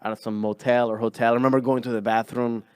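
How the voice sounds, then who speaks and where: A man's voice: mid-range voice, little pitch movement, fast talker, clear, resonant tone, no room sound. A young man from Venezuela, a comedian, chatting casually on a podcast and rambling with many restarts. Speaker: guest comedian.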